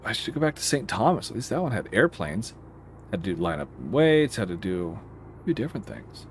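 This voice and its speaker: Controller turned streamer, lowish voice, rambling gameplay chat with radio calls. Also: male voice, sing-song, fairly quick, a little hiss or hum. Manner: rambling, self-interrupting, gives radio calls mid-chat. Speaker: air traffic controller playing a simulator. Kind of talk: casual gameplay commentary.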